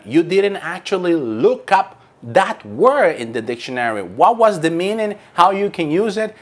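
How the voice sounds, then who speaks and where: A man who trains call center agents, giving an emphatic coaching lesson and repeating key points. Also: high-pitched.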